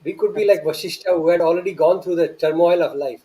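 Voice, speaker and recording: A man's voice: a little high, quick pace, dark tone, muffled recording. A man, telling an earnest, reverent story from his student days with many restarts and rhetorical questions. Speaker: guest recounting memories.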